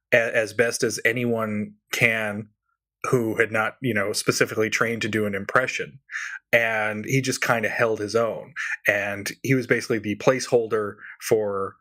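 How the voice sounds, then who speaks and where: Guy cohosting a chat podcast, bright voice, lots of laughs and tangents. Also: mid-range voice. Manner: animated, laughs often, quick asides. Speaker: podcast co-host. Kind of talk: casual chat.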